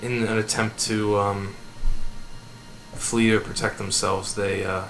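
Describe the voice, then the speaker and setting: Dude voicing a low-voiced farmer dad, halting and polite, music behind. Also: male voice, little pitch movement, a bit bright, rough recording. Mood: somber. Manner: hesitant, polite, many ums. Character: humble middle-aged male farmer and father.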